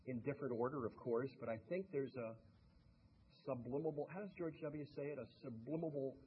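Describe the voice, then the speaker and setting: An older man giving a motivational speech to a live audience, animated and humorous, pushing his punchlines out loud. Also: medium pitch, fast. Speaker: motivational speaker. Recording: tinny lo-fi recording with faint noise.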